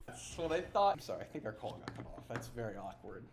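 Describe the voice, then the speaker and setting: A man's voice: medium pitch, sing-song, quick pace, creaky, heavy background noise. A man narrating his own video and making phone calls, earnest and a bit confrontational.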